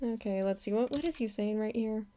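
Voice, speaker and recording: Female streamer, slightly high voice, loose casual chatter full of giggles and restarts. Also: a little fast, mellow. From not from Texas. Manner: rambling, giggly, laughs often, many restarts. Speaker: animator streaming her work. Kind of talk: casual live-stream chat while working.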